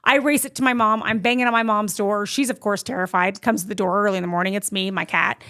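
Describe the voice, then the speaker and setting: A middle-aged woman telling a true story in casual chat, animated and acting out her own past lines. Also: medium pitch, fast. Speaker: guest storyteller.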